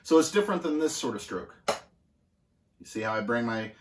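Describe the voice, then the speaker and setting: A man teaching basic drum exercises in a casual, halting way, with plenty of filler words. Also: mid-range voice, roomy sound, a little hiss or hum. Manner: relaxed, halting with many fillers. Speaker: drum instructor. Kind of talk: casual instructional demonstration. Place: music school practice room.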